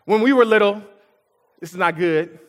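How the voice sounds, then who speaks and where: A man's voice: high-pitched, normal speed, in a large hall. A male pastor preaching a sermon in a church auditorium, in a conversational way with repetitions and asides to the congregation.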